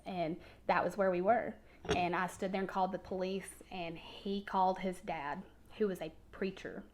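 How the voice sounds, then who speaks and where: As a guest on a podcast, a woman with a medium-pitched voice tells a personal story, frequently halting and repeating words.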